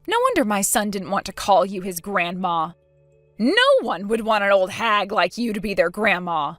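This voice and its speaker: A woman's voice: medium pitch, normal speed, a bit bright, no room sound, faint music behind. Sarcastic, accusing woman reading a texting story. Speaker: narrator voicing the daughter-in-law.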